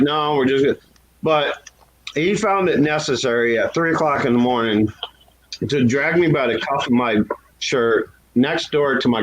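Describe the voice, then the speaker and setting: A man's voice: slight background noise, rough recording. A man chatting casually and candidly about his past, laughing at himself and lifting his voice when acting out what others said. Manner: candid and self-deprecating, laughs at own story; raises pitch to act out quoted voices. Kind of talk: casual chat.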